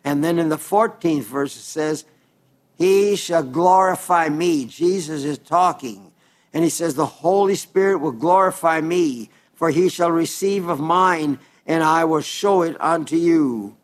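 A man's voice: fairly high pitch, measured pace. A man preaching a sermon in an earnest, emphatic way, quoting scripture and stressing his points.

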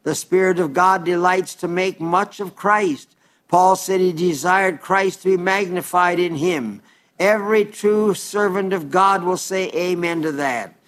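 Earnest preacher, slightly high male voice. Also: fairly bright tone. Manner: earnest, plain-spoken, addresses listeners as dear friends; reads scripture aloud slowly and deliberately. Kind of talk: sermon.

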